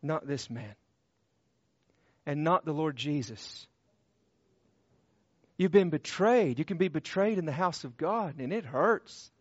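A man preaches in an unhurried, deliberate rhythm, his voice sitting a touch high for a man. He swings between loud emphatic cries and hushed tender passages, hammering short repeated phrases. The sound is dry and somewhat dull, with little room around it. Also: lively intonation, no room sound. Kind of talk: sermon.

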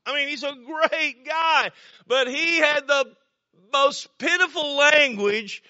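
A male preacher with a very high, bright voice gives a folksy, story-filled sermon. He repeats his words as he goes and bursts into shouts to drive a point home. The sound is dry and a little muffled. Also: slow pace, no echo. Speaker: pastor.

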